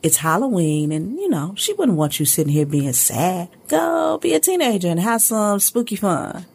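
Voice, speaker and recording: Narrator doing a low, husky, consoling mom. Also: female voice, very animated, moderate pace, a little mellow, heavily acted. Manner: soothing, consoling. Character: gentle middle-aged grieving mother.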